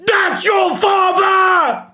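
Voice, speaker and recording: A man reacting live to a manga chapter, emotional and shouting, swearing often. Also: very high voice, fairly even intonation, very slow, a faint crowd. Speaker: reaction streamer.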